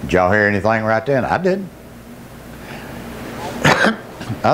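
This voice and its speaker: A middle-aged man preaching his testimony as a pastor, telling his story with emotion that climbs into shouting. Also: lowish voice, big pitch swings, slow pace, a little hiss or hum. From Georgia, US. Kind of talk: testimony sermon.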